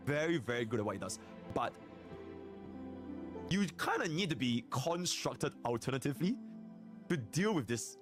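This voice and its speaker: A man giving calm, reflective commentary on online drama, using gaming analogies. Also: mid-range voice, normal speed, pauses often, over music. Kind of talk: measured commentary.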